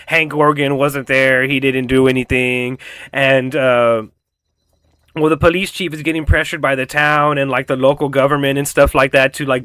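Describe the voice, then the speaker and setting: A man gives a casual, profanity-filled recap of a TV episode, piling on fillers as he tells the story. His voice is a touch high and sharply bright. The sound is close and dry, with no room around it. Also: smooth, dry recording. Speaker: reaction channel host.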